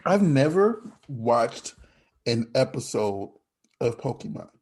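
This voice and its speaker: A man hosting a casual podcast, talking in a rambling, halting way. He often stops and restarts his sentences. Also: medium pitch, sing-song, a little mellow. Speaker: podcast host.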